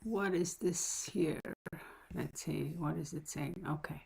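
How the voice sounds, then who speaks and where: Streaming casually from home on a phone, a woman speaks slowly in a deep, steady voice with vocal fry and a darkish tone, and the recording is low quality. She chats away and mutters to herself as she fiddles with her setup.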